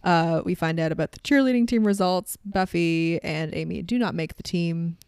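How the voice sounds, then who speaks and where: A woman's voice: lowish voice, moderate pace, a little mellow, smooth, no room sound. Chatty woman podcast host, dry sound. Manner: chatty, laughs often, quotes characters. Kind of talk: casual chat recapping a TV episode.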